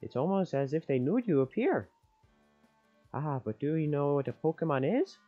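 A man voices a genteel middle-aged professor from a game, all fussy propriety and theatrical politeness. The voice sits high and bouncy with plenty of push. The sound is muffled and lo-fi. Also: sing-song, normal speed, soft background music. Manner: theatrical, overly proper and polite. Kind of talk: improvised dubbing of game dialogue.

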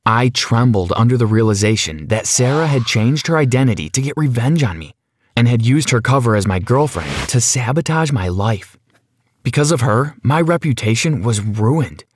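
A man narrates his own story for an animated video, playing up the drama with an anxious edge in a dramatic first-person telling. His medium-pitched voice swings up and down a lot at a moderate pace, with a little hiss or hum in the background.

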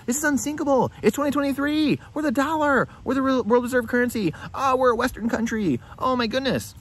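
A man putting on a high, mocking voice for a smug, complacent passenger on a sinking ship. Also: a little fast, a bit bright, husky, full character voice. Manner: high mocking dismissive singsong.

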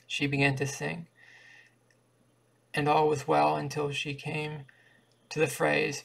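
A man reading a short story aloud in a flat, measured way, with occasional restarts. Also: a little high, gravelly. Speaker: audiobook reader.

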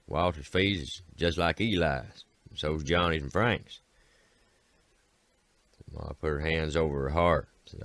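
A man with a very deep voice and an Appalachian accent tells an old mountain folk tale in a homespun, rambling way, starting lines with "said" and lifting his voice for the characters. The recording is close and dry. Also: a bit bright, no room sound. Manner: folksy, repeats "said" often, voices characters. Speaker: storyteller.

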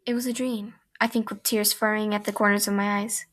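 A young woman reading a fan fiction aloud in first person, halting and restarting mid-sentence, and breaking off for chatty asides. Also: mid-range voice, little pitch movement, a bit bright. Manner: breaks off for chatty, giggly comments.

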